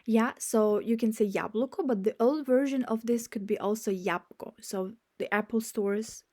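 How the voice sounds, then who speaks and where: A woman with a slightly high, warm voice teaches a beginner language lesson, spelling out words and repeating them slowly. After each point she checks in with "yeah?"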